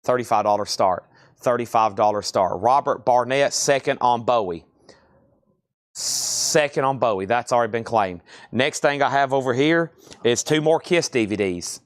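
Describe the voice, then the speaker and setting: A man hosting a live online record sale, briskly announcing items, prices and buyers in a chatty way. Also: mid-range voice, no room sound, clean studio sound. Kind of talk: live online sales patter.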